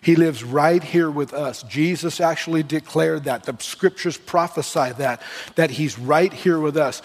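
A man's voice: on the high side, measured pace. Earnest male pastor preaching in a hall. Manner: earnest preaching with restarts and rising emphasis. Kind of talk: sermon. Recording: long reverb of a church hall.

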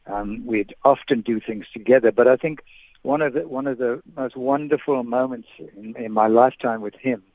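On a phone-in to a radio show, a veteran sports broadcaster, an older man with a medium-pitched voice, shares memories through a thin telephone line. His speech falters, full of repeated words and fresh starts. The recording is dry and close, with no room around it.

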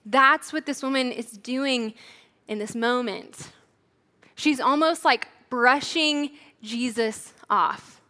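A young woman giving a sermon in a relaxed, chatty way, often saying "like". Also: high-pitched, slow. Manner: casual, chatty, says "like" often. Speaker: church leader preaching. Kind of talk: conversational sermon.

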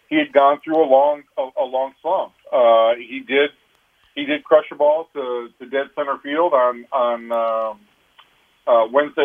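Analytical man on a tinny phone line. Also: mid-range voice. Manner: analytical, with frequent restarts. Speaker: baseball beat reporter. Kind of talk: radio phone interview.

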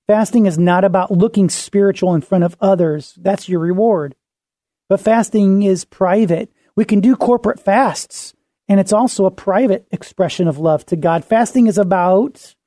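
A man, a pastor and podcast host, teaching earnestly on fasting and reading scripture aloud with emphatic repetition. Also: high voice, warm tone, no room sound, clean studio sound.

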